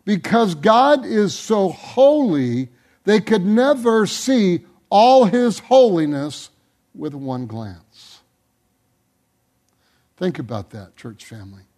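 A man pastor preaching a sermon to his church, building emphasis on repeated words and dropping low and soft at the ends of phrases. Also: big pitch swings, takes it slowly.

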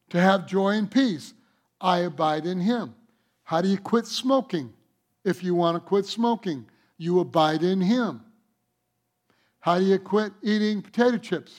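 A man's voice: sits high, expressive, a little slow. A male pastor preaching a sermon, emphatic, with rhetorical questions to the congregation.

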